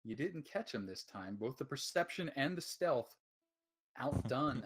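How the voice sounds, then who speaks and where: Man, game master, halting, self-deprecating, computer mic, casual chat. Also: mid-range voice, expressive, breathy edge. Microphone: computer mic on voice call.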